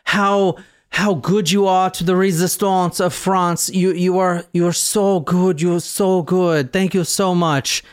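A man's voice: high voice, steady tone, measured pace, clean tone. A frightened male fugitive stammers and pleads with a faint put-on foreign accent, as a man acts him out. His voice sits slightly above an ordinary man's speaking voice. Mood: pleading. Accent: faint put-on accent, slightly Swedish-sounding. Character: desperate frightened male fugitive, middle-aged.

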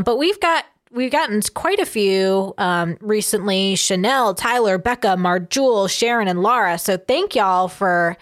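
A chatty woman co-hosts a casual podcast, reading out listener messages. She talks in a mid-pitched voice, stopping and restarting often with fillers. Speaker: podcast co-host.

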